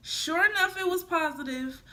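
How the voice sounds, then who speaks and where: A young woman in her early twenties telling a personal story casually as a vlogger, chatty and full of "like" and "y'all", dropping to a hush for her inner thoughts. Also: extremely high pitch, normal speed, heavy background noise. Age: young adult. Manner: chatty, says "like" and "y'all" a lot, drops to a hush for quoted thoughts.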